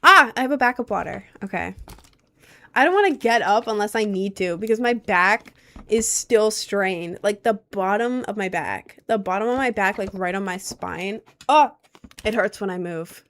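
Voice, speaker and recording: Young woman rambling on a stream, lowish natural voice, talking back to chat. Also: expressive, normal speed, fairly bright tone. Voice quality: natural voice on the low side. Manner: chatty, rambling, reacts aloud to chat. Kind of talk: casual livestream chat reading comments.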